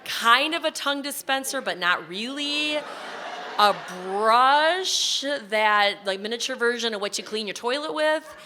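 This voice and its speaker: A woman's voice: a little high, expressive, unhurried, sharp tone, slight background noise. A woman telling a personal story on stage, in a vivid, emotional present-tense retelling.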